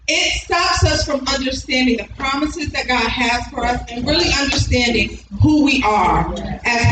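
A middle-aged woman preaching a sermon with emphasis, repeating key lines and chuckling between points. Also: sits high. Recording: echoey hall, distant mic, music underneath.

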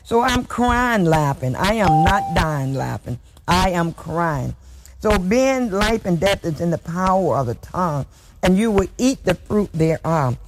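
A man with a fairly high voice preaches a sermon at an unhurried, deliberate pace. He leans on hallelujahs and at times slides into a sing-song lilt. A steady noisy hiss sits under the recording. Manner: slow, measured preaching with hallelujahs.

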